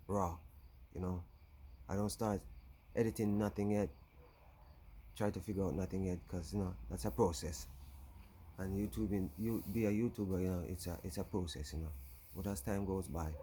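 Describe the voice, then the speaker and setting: A man's voice: sits low, dark tone, a little hiss or hum. A man with a Jamaican accent, vlogging a rambling casual story on his channel and filling it with "you know.". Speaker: YouTuber.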